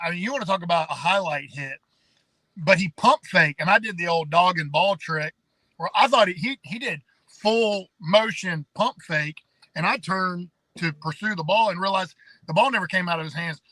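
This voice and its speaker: Bright-voiced man, dry close sound. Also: high voice, no echo, poor audio. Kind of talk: casual storytelling.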